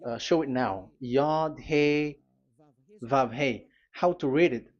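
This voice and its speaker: Man preaching, slow deliberate delivery, halting with fillers, spelling out letters, dull lo-fi recording. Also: mid-range voice. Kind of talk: sermon teaching at a board.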